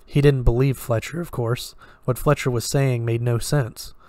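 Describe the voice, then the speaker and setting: A man reading a horror story aloud in a measured, steady way, with occasional slips. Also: mid-range voice, dry recording, studio quality. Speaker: story reader.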